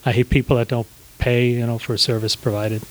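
A man in his sixties chats loosely as a podcast guest, circling back with "uh" and "um" and restarting his sentences as he tells stories. His voice sits at an ordinary middle pitch. The delivery is unhurried and conversational. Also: rough recording. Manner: relaxed, rambling with many fillers and restarts. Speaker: guest, small business owner. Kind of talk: casual storytelling interview.

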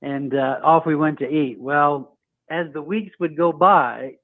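A man's voice: fairly high pitch, measured pace, no echo. A man calling into a show and telling a personal story, acting out the voices of the people in it. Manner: storytelling, acts out quoted voices. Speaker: caller. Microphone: phone. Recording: tinny phone line.

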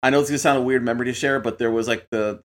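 A man's voice: medium pitch, fairly even intonation, rapid-fire. A man co-hosting a casual gaming chat, musing enthusiastically with lots of fillers. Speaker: podcast co-host.

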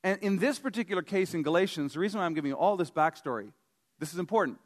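A man's voice: high voice, lively intonation, fast. A man preaching a sermon as pastor, in a conversational, joking way with emphatic stresses.

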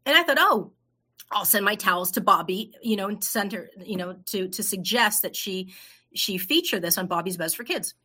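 A woman's voice: medium pitch, lively intonation, fairly quick, bright, forceful tone, slightly rough. A middle-aged woman, a business owner, telling her story in a casual interview, acting out the voices of people she quotes. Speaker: entrepreneur guest.

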